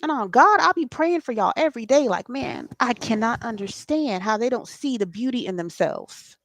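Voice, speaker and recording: A woman's voice: a little high, lively intonation, normal speed, fairly bright tone, no room sound, studio quality. A woman, hosting a spiritual late-night talk in an impassioned, preachy way and swearing freely. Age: 40s. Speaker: spiritual host.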